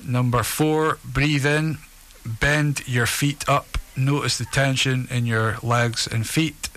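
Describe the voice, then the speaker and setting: Guy slowly talking people through relaxation exercises, calm steady voice, mid pitch. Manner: calm, slow, steady instructions. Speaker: relaxation session leader. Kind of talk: guided relaxation instructions.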